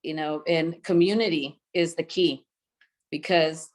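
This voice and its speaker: A woman's voice: lowish voice, fairly even intonation, normal speed. A woman in her fifties sharing thoughtfully on a group video call, with many hesitations. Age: 50s.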